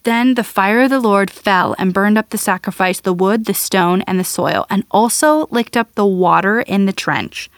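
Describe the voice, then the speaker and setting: Woman, scripture reader, measured delivery, mid-pitched, dry close-mic sound. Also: dry recording. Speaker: Bible reader. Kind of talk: scripture reading.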